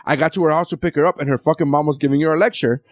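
A young man hosting a podcast, a comedian telling a profane story in an animated way. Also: fairly high pitch, racing, no echo, studio quality.

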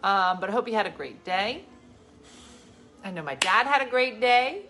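A woman in her forties hosting a livestream, telling stories in a casual chat and swinging from loud bursts to hushed asides. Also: mid-range voice, lively intonation, moderate pace, faint music behind. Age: 40s. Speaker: livestream host.

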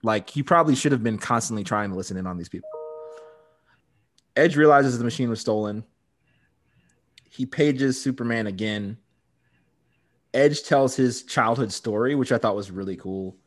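A man's voice: medium pitch, moderate pace, long pauses. Casual male podcast co-host recapping. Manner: recaps the plot, laughs often. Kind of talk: casual chat, episode recap.

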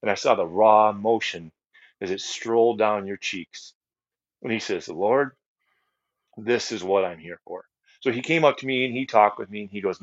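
A middle-aged man speaks in a lowish voice, telling his testimony earnestly, looping back on phrases and filling pauses. The sound is dry and a bit dull, like close podcast audio. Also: no room sound. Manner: earnest storyteller, repeats phrases, many fillers and restarts. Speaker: guest ministry leader. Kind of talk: personal testimony in a podcast chat.

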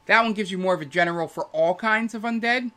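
A man's voice: sits high, fast, pushed and bright, voice pushed up. A man doing a cautious old archive keeper. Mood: informative. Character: helpful male archive keeper.

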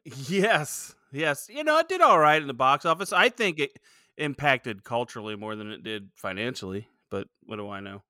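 Lively, bright-voiced man hosting a podcast. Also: mid-range voice, normal speed, no room sound, clean studio sound. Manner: joking, laughs often. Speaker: podcast co-host. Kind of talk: casual chat.

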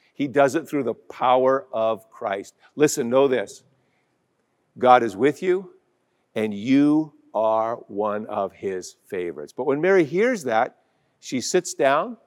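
A man's voice: medium pitch, long reverb tail. A man preaching a sermon as pastor, emphatic, acting out quoted voices as he goes.

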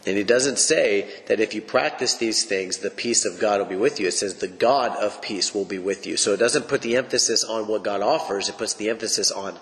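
A man's voice: on the low side, fairly quick, hardly any pauses, a bit bright. A man teaching the Bible on a podcast, preaching in an emphatic, folksy way. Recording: long reverb.

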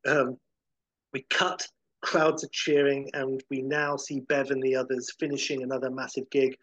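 A man casually narrating a comic film pitch scene by scene, rambling with lots of "like" and "uh". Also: level tone, normal speed, a bit bright, no echo, highs cut off. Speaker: podcast host pitching a film sequel.

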